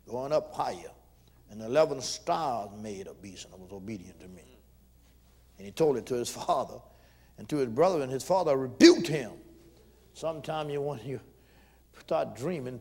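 A man preaching a sermon as pastor, leading call-and-response and swelling loud when he reads scripture. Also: medium pitch, husky.

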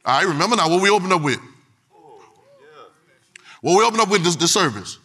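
Man, preacher, church service, high bright voice, call-and-response and shouts. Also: lively intonation, brisk, long pauses. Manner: call-and-response with the congregation, swings from quiet to shouting. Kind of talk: sermon.

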